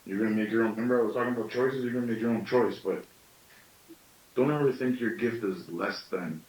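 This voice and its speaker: Storyteller, male, late thirties, slightly deep, musing teaching talk, recorded far off in an echoing room. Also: quick pace, a little mellow. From Canada. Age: late 30s. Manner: thoughtful, with self-questioning asides.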